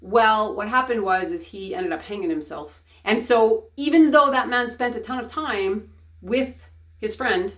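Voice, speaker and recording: A middle-aged woman giving a personal testimony, talking earnestly and haltingly, often restarting her sentences. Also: on the high side, a bit bright. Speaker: ministry founder and coach.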